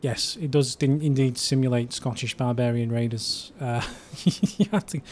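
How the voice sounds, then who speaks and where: A man's voice: mid-range voice, unhurried, a little mellow. A man from the UK hosting a casual livestream, chatting in a rambling way with frequent fillers. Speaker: livestream host.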